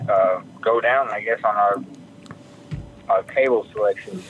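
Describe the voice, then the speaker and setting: Slow hesitant man on a dull phone line. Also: fairly low pitch, slight background noise. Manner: hesitant, halting, then cursing back. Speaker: caller.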